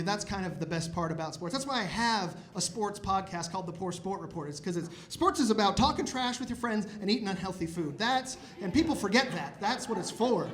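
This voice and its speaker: A man in his thirties doing a stand-up comedy set in a comedy club, with animated, exasperated ranting that climbs to loud outbursts. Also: high voice. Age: 30s.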